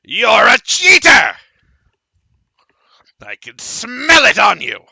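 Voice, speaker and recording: A man's voice: extremely high pitch, huge pitch swings, slow, vocal fry, pushed and bright, breathy edge, no room sound, pitched above the performer's own voice, full character voice. A man voicing a tiny, spiny old man wizard who throws a screaming tantrum like a toddler. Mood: enraged. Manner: shrieking, stamping tantrum.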